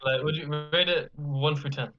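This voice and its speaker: Young man, teasing podcast co-host, mock-accusing, laughing, fairly high voice. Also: fairly even intonation, moderate pace, fairly bright tone, muffled recording. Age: young adult. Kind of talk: casual teasing chat.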